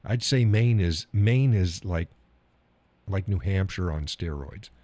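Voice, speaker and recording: A man's voice: low voice, lively intonation, slow pace, dark tone, no echo. A man hosting a live stream, chatting casually about viewer comments, rambling, repeating himself and chuckling often.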